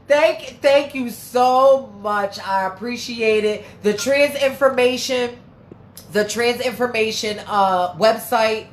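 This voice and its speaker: A brash, chatty woman hosts a casual livestream, swearing freely and reading viewer comments aloud while her nose sounds a bit stuffy and congested. Her voice is medium-pitched, and the echoey room carries slight background noise.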